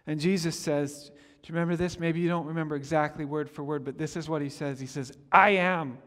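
High-voiced preacher in an echoing hall. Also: male voice, brisk. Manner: animated, acts out quoted speech, repeats words. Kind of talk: sermon.

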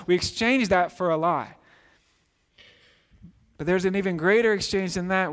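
Earnest pastor preaching in an echoing hall. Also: male voice, on the high side. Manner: earnest, emphatic, dropping softer on key phrases. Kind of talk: sermon. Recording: long reverb in a large hall.

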